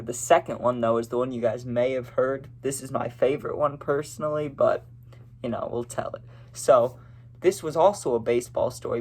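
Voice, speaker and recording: A young man telling a casual personal story, rambling and filling his talk with "you know" and "right". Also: medium pitch.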